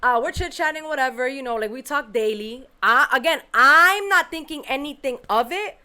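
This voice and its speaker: A woman hosts a podcast and tells a story from her week in loose, casual chat. Her voice is bright and forward, and she acts out what people said with plenty of life. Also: sits high, normal speed. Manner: animated, acts out quotes, swears casually. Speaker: podcast host.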